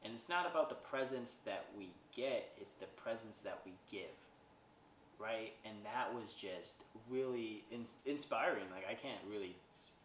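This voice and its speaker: A man with a slightly low voice talks through a film's plot in a loose, rambling way, often adding "like" and asking "right?". He sounds set back from the mic in a room with a lot of echo. A faint hum of ambience sits underneath. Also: lively intonation, measured pace, fairly bright tone, far from the mic. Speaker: podcast host reviewing a movie. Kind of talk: casual plot recap.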